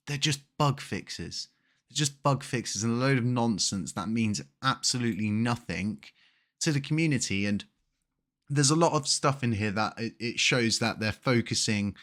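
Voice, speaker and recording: A man with a croaky voice from a cold, hosting his channel and ranting casually with frustration and frequent restarts. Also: lowish voice, fairly bright tone. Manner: frustrated, rambling, repeats words. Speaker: crypto channel host. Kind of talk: casual video commentary.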